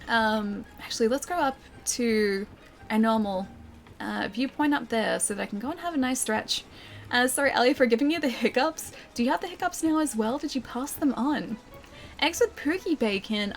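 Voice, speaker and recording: A female streamer chatting casually while playing a game and reading chat aloud, self-deprecating and laughing often. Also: fairly high pitch.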